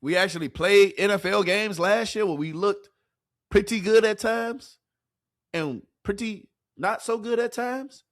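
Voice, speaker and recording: A man's voice: high voice, measured pace. A man hosting a fan sports commentary show, ranting heatedly with profanity and rhetorical questions. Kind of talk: fan reaction rant.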